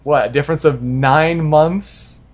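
A man's voice: fairly high pitch, measured pace. A man co-hosting a casual gaming podcast, jokey and teasing, blurting short quips. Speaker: podcast co-host.

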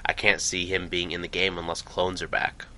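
Deep-voiced man in casual chat. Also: flat delivery, normal speed, bright, forceful tone. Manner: rambling, with frequent restarts and fillers. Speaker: podcast co-host.

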